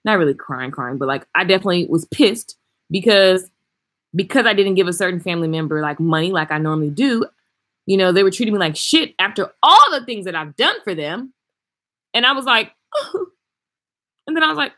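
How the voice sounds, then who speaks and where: A woman hairstylist chatting casually and frankly on a livestream, reading and answering viewer comments with animated swings in loudness. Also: medium pitch, brisk. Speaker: hairstylist and vlogger. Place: traveling, indoors.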